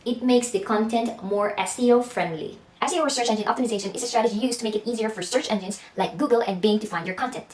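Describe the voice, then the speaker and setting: A woman talks through a scripted lesson, upbeat and playful, tossing in quick asides. Her voice sits a little high. The room gives it a roomy echo. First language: Filipino language. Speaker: freelancing tutor. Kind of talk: scripted tutorial narration.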